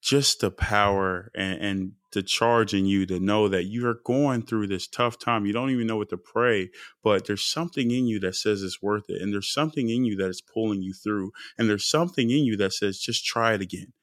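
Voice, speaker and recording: A man's voice: lowish voice, normal speed, few pauses, no room sound, studio quality. A man hosting a casual interview podcast, encouraging his guest and repeating words for emphasis. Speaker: podcast host.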